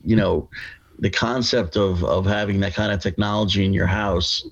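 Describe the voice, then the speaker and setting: Low-voiced man, loose podcast banter. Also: steady tone, normal speed, highs cut off. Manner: brief agreeing interjections, loose joking. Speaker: podcast co-host. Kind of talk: casual chat.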